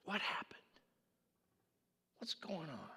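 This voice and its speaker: Male pastor, sermon, husky, dramatic storytelling, long church hall reverb. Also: fairly high pitch, big pitch swings, slow, sharp tone, in a whisper.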